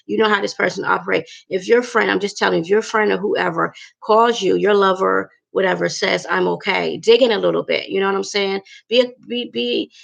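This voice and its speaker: A woman's voice: medium pitch, vocal fry, a bit bright. A woman vlogger venting emotionally to her viewers in a chatty, emphatic way, repeating herself as she talks. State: emotional, upset. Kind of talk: emotional personal vlog rant.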